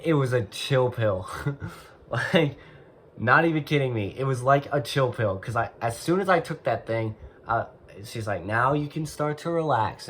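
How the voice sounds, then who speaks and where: A man's voice: mid-range voice, a bit bright, a little hiss or hum. A young man telling a personal story in a casual, rambling way, full of "like" and "and so". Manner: rambling, heavy use of "like" and "and so". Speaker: vlogger.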